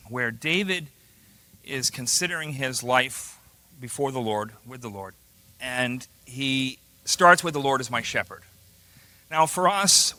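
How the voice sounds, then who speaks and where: A man preaching a sermon in a church, animated and emphatic, acting out quotes and building to forceful peaks. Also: medium pitch.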